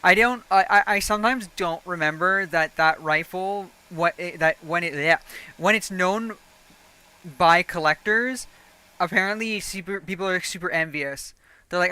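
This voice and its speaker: A woman streaming a game and chatting casually, profane and quick to laugh. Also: on the low side, bright, forceful tone, clean tone, no echo. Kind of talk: casual gaming stream chat.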